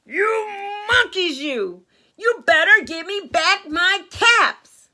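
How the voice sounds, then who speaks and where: A woman voicing an angry male cap peddler in a picture book read-aloud, shouting and scolding with slow, stretched words. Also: very high voice, very animated, pitched above the performer's own voice, heavily acted.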